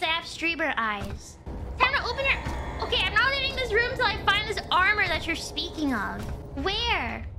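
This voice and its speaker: Super high squeaky woman streamer, swoops all over, flustered and yelling at chat. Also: noisy background. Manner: flustered, shouts at chat in exasperation. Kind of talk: live gameplay streaming, talking to chat.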